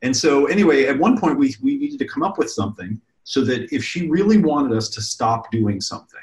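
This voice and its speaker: Male guest, a parent in relaxed chat, loose and rambling delivery, mid-pitched voice, roomy recording. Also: a little fast. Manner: relaxed, rambling, restarts phrases. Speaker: parent sharing parenting advice. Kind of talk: casual conversational chat.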